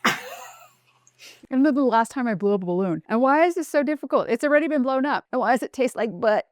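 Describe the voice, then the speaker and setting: A woman's voice: high voice, animated, fast talker, no echo. Playful chatty woman, dry close sound. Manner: playful, self-mocking, chatty. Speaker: channel host. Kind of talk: casual craft tutorial vlog.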